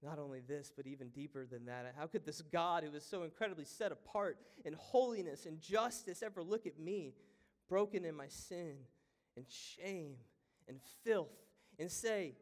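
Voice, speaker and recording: A male pastor preaching a sermon, moving from hushed, reflective lines to loud, fervent ones. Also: on the high side, normal speed. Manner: impassioned preaching with wide swings from hushed to loud. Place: church sanctuary.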